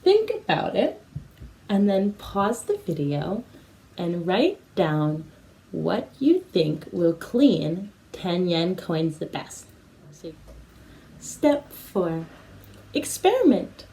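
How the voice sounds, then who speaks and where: A woman teacher at home, giving a slow English lesson for children with repeat-after-me prompts. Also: lowish voice, animated, vocal fry, dark tone, low-quality recording. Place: home apartment.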